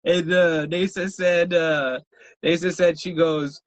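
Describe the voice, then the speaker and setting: A man's voice: fairly high pitch, steady tone, slow pace, no echo. A man from South Texas hosting a casual podcast, ranting with lots of swearing and laughter. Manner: profane, ranting, laughs often. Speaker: podcast host.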